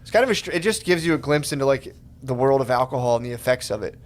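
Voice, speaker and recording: A man riffing on a podcast, chiming in with quick reactions, swearing and joking. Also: mid-range voice, expressive. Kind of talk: casual podcast banter.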